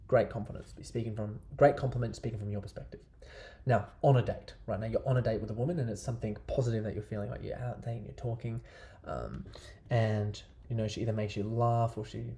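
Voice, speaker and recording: Male dating coach, relaxed chatty delivery with a low, warm voice. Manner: chatty, loose, keeps asking "right?". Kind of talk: casual advice talk to camera.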